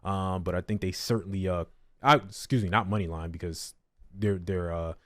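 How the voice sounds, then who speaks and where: A man's voice: low-pitched, normal speed, dry recording, studio quality. A man hosting a casual sports betting chat, laughing often and moving the panel along.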